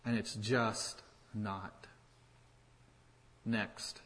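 A man's voice: on the low side, level tone, extremely slow, a bit bright, big-room sound, low-quality recording. A man preaching a sermon as pastor, in a conversational way with wry asides and pointed repetition.

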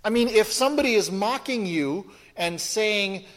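A man's voice: high voice, animated, normal speed. A man preaching a sermon in a conversational, emphatic way, asking the listeners rhetorical questions and often restarting his sentences. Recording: long hall reverb.

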